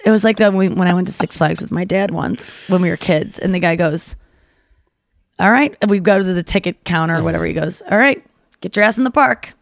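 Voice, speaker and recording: A woman podcast host in casual chat, giggly and animated as she tells stories. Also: lowish voice, a little fast, vocal fry, dry recording, clean studio sound.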